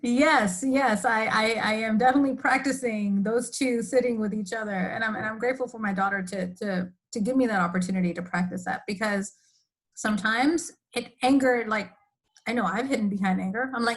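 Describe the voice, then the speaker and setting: A woman hosts a casual podcast conversation, thoughtful and animated. Her voice sits fairly high. She laughs easily as she talks. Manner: reflective, animated, with quick laughs. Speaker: podcast host.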